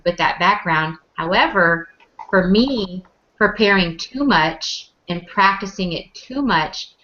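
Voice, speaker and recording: Woman entrepreneur, confident, reflective, low pitched, bright tone, muffled lo-fi sound. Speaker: entrepreneur, competition winner. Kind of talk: panel discussion answer. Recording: muffled lo-fi recording.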